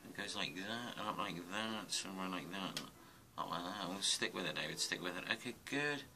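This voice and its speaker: A man's voice: deep voice, a little fast, background noise. A man giving a casual drawing tutorial, muttering and rambling to himself as he sketches. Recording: music playing underneath. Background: music.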